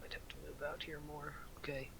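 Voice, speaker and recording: A man playing a cleric in a tabletop game, halting and full of rules questions. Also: a little high, little pitch movement, gravelly, background noise. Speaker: player, war cleric.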